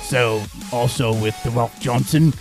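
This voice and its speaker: A man putting on a put-on Australian accent to voice a hammy male snack pitchman in a loud, singsong sales pitch. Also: a little slow, over music, close to an everyday voice.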